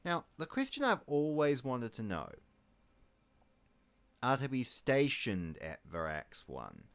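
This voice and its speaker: A man's voice: mid-range voice, wildly swooping pitch, slow pace, vocal fry, clear, resonant tone. A man from New Zealand giving casual let's-play commentary, rambling with wry asides and muttering his menu choices to himself. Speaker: gaming YouTuber.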